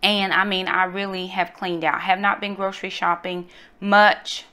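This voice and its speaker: A middle-aged woman from North Carolina, telling a personal story in a casual, animated way and calling her viewers y'all. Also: mid-range voice, normal speed. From North Carolina, USA. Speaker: vlogger, mother.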